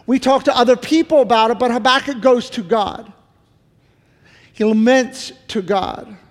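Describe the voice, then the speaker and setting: A man's voice: extremely high pitch, measured pace, in a large hall. A middle-aged male pastor giving an earnest sermon, full of repeated pleading questions. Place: church sanctuary.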